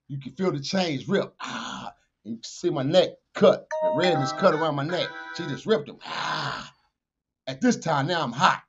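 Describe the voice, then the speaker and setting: A man, a podcast guest telling a street story with profanity, acted-out dialogue and shouted sound effects. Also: fairly high pitch, slightly rough. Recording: dull lo-fi podcast audio.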